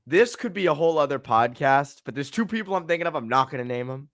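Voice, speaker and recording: Animated ranting man on a podcast. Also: fairly high pitch, fast talker, no echo, studio quality. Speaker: podcast co-host. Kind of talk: casual sports podcast chat.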